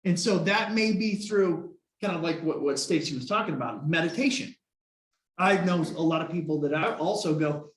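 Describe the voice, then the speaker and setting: A man's voice: fairly high pitch, moderate pace, echoey room. A man giving a casual motivational talk to his team, telling stories and acting out his own past thoughts. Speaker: team leader.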